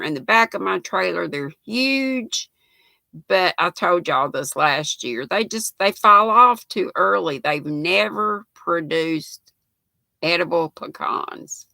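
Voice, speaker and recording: An older woman hosting a casual livestream, chatting about yarn and reading comments with easy laughter. Her voice is bright with a gravelly edge, and she takes her time. The sound is dry and close. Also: on the low side, expressive, slow pace, no room sound. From United States. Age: 60s. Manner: chatty, laughs often, reads comments aloud. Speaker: livestream host reading chat. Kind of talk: casual chat.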